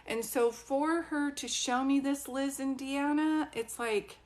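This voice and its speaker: A woman with a slightly high voice gives live psychic readings for viewers. She talks in a chatty, rambling flow and keeps stopping to ask them questions. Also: takes it slowly. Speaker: psychic medium. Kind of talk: live social media readings.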